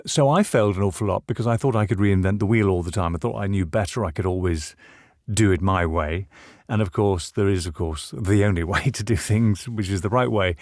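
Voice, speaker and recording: Veteran voiceover man from Northern Ireland; low, articulate, unhurried interview talk. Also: darkish tone, no room sound, studio quality. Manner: articulate, measured, with occasional restarts. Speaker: voiceover artist, guest. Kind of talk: reflective interview conversation.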